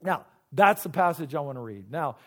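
A man preaching a sermon, swinging from loud emphasis to quiet asides and often repeating his opening words. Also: a little high, expressive, a little fast. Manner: repeats words when starting sentences. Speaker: pastor.

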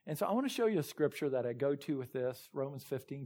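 A man's voice: mid-range voice, animated, fast talker, hardly any pauses, darkish tone. A man preaching a sermon as pastor, reading scripture and retelling Bible stories with earnest emphasis.

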